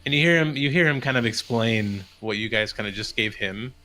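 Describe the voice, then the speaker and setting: Man, game master, loose narration full of fillers, soft music behind. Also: mid-range voice, fairly quick.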